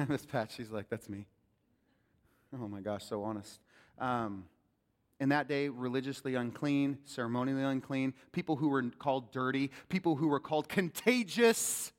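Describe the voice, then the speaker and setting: A man preaching a sermon as a pastor, animated and calling out questions to the congregation. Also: fairly high pitch. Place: church sanctuary. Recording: long hall reverb.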